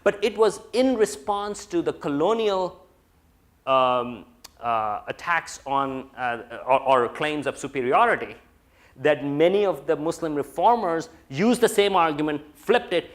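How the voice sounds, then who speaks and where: A man's voice: fairly high pitch, animated, a little slow. A man giving an academic lecture, talking in a discursive way with many fillers and restarts. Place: lecture room.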